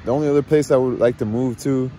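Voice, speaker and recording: A man's voice: medium pitch, steady tone, quick pace, mellow, slight background noise. A man in a rambling, profane monologue, venting agitatedly about family and work. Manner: rambling, frequent swearing, agitated. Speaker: vlogger.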